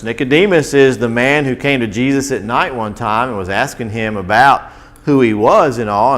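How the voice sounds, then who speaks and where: A man telling a Bible story to children as their teacher, stopping often to ask the kids questions. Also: medium pitch. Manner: animated, asks children questions.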